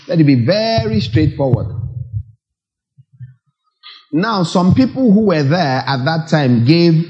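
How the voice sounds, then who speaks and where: A man preaching a sermon, animated, with rhetorical questions and acted asides. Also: on the high side, slow, dull audio.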